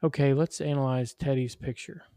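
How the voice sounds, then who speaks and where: A man's voice: mid-range voice, fairly even intonation, moderate pace, warm tone, no room sound, clean studio sound, close to an everyday voice. A man voicing an earnest neighborhood mother teaching children in a read-aloud story. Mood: teacherly.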